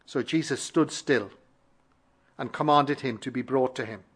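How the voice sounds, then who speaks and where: A man preaching a sermon, emphatic and fervent, building repeated phrases in a measured cadence. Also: mid-range voice, breathy edge. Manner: fervent, emphatic, swells louder on key phrases.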